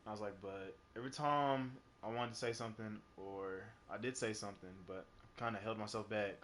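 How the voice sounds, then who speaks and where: A man's voice: on the low side, fairly even intonation, a little fast, fairly bright tone, slight background noise. A young man streaming live, telling a personal story in a rambling, casual way full of fillers and swearing. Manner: rambling, heavy on fillers and profanity.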